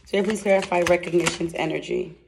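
A woman giving a casual tarot reading to camera, excitable and chatty, blunt and slangy, speaking straight to her viewers. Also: on the low side, a little fast, gravelly, very noisy. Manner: excitable and chatty, laughs and exclaims. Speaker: tarot card reader.

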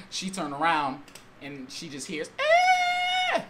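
A man telling a story-time tale in a vlog, excitable and slangy, with exaggerated storytelling and sudden outbursts. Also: on the high side, takes it slowly, heavy background noise. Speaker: YouTube storyteller.

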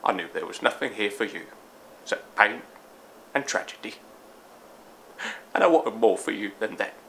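A man voicing an older butler, hushed, breathy and solemn. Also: fairly low pitch, lively intonation, normal speed, a little hiss or hum, full character voice, rough recording. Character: older English butler, grave and tender.

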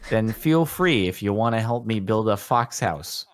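A man's voice: fairly low pitch, expressive, slow pace, fairly bright tone. A man streaming a game in casual chat, laid-back and dry, laughing easily.

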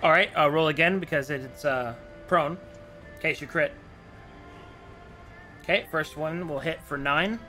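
A man acting as dungeon master in a tabletop game, giving casual, quick rulings and laughing with his players. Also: fairly high pitch, pushed and bright, soft background music. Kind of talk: running a tabletop game online.

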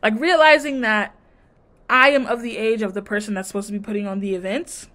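A woman's voice: medium pitch, steady tone, a little fast, sharp tone. A woman vlogger giving a casual, sassy and blunt recap of a reality TV show, mimicking the cast as she goes. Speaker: TV review vlogger.

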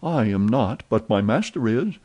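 A man voicing an excitable, talkative young French manservant in an audiobook, eager and full of exclamations. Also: fairly low pitch, moderate pace. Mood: excited chatter.

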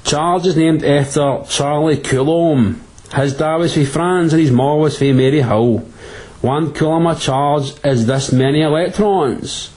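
A physics tutor from Glasgow, Scotland, teaches in a comic, crude, jokey style packed with slang and a Glaswegian accent. His voice is on the high side, a little slow, with a darkish tone.

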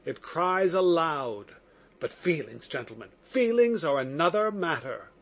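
A man's voice: a little high, big pitch swings, measured pace, fairly bright tone, exaggerated voice. A man voicing an impassioned young man accused of murder, in audiobook narration. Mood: agitated. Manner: impassioned, exclamatory.

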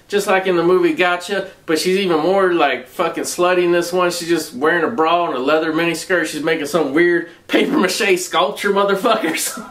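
A man's voice: high-pitched, fairly bright tone. A man with a Southern US accent reviewing a movie in a rambling, casual way, swearing constantly and using slang.

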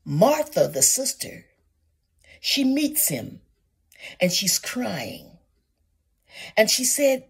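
A woman's voice: on the high side, very animated, extremely slow, vocal fry, long pauses, husky. A woman preaching a sermon, calling her listeners saints and asking question after question, sometimes dropping to a whisper.

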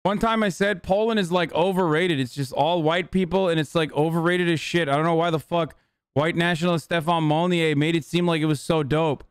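Man, 30s, streamer, live reaction talk, mocking, swears a lot, smooth voice, dry close mic. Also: fairly high pitch, steady tone, brisk, no room sound. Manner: mocking, profane, loose and joking.

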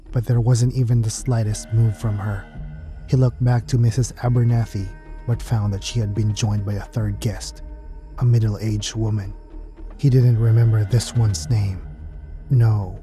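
Low-voiced man narrating horror over music. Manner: steady, measured storytelling delivery. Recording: clean narration with music bed.

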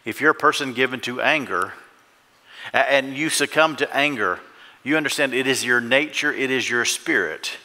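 A man's voice: medium pitch, normal speed, pushed and bright. A male pastor preaching a fervent sermon in a church and often asking the congregation questions. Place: church sanctuary. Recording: echoey church hall.

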